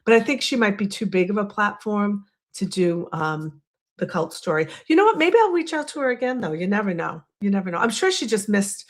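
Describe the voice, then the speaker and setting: A woman's voice: medium pitch, sing-song, normal speed. Chatty Boston woman hosting a livestream. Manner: chatty and rambling, self-deprecating. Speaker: livestream host. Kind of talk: casual livestream chat.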